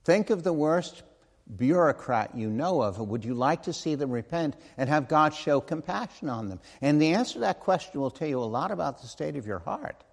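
A man's voice: fairly high pitch, lively intonation, moderate pace, vocal fry. A man preaching a sermon in an earnest, conversational way, with asides and self-corrections. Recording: long hall reverb.

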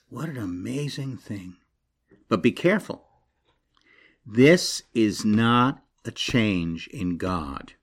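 A man's voice: animated, slow pace, breathy edge. Impassioned male preacher. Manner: builds to loud, high, emphatic passages, then drops low and quiet. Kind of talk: sermon.

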